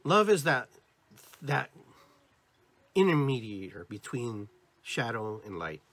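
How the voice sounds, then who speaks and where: A man with an American accent hosting a podcast, giving an animated spiritual talk to his listeners. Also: mid-range voice, slow pace. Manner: animated, demonstrating inflections. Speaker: podcast host.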